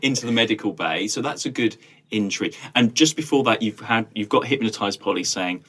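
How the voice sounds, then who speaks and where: Chatty, animated male podcast host. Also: on the low side, brisk. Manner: rambling, lots of fillers and restarts, laughs easily. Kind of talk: casual chat.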